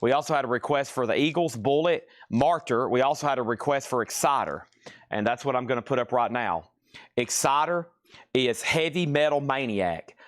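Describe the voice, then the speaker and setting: Brisk man calling record prices. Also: mid-range voice. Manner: brisk, repeats prices and item details. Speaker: host of a live record sale. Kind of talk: live-stream auction selling. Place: record store.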